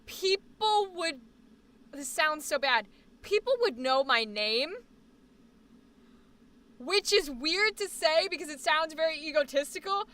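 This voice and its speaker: Bright-voiced chatty streamer woman. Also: sits high, expressive, unhurried, pauses often. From United States. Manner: chatty, rambling, swears freely. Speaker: live streamer. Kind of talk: casual chat.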